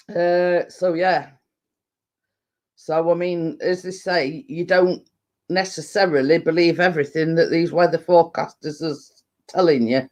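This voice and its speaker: A middle-aged woman with a Yorkshire accent and a slightly deep voice, chatting casually on a livestream and rambling with lots of fillers. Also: steady tone, a little slow, a little mellow. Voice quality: a bit deep. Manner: rambling, full of fillers and restarts. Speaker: livestream host. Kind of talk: casual live chat.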